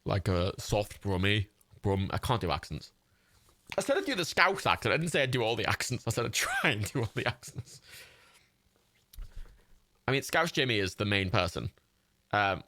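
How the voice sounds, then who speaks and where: A man's voice: mid-range voice, huge pitch swings, normal speed, pauses often, bright, forceful tone. A man streaming a game, chatting casually in a self-mocking way and swearing freely. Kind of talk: casual livestream gaming commentary.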